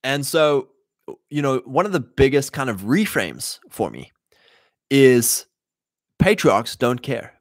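A man hosting a livestream in a mid-pitched voice, thinking aloud with frequent restarts and fillers. The sound is dry and close, with no room echo. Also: very animated, takes it slowly, pauses often. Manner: rambling, many fillers and restarts. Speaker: show host. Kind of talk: casual livestream monologue.

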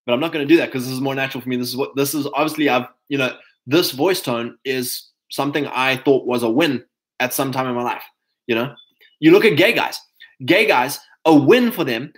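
A man's voice: mid-range voice, brisk. A man giving a casual, rambling motivational talk to other men as a podcast host, full of fillers and restarts, calling his listeners chaps.

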